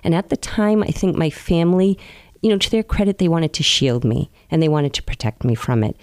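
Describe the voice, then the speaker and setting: A woman's voice: low voice, no room sound. Earnest woman telling her life story. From New England, US. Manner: earnest, open storytelling with soft pauses. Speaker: interview guest. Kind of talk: reflective conversational interview.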